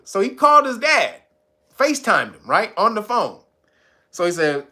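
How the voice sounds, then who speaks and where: A man with a fairly high, bright, forceful voice talks in loose, casual commentary. His pitch swings widely as he tells a story, swears freely and acts out the people in it. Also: moderate pace. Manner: animated, swearing, retelling stories with acted quotes.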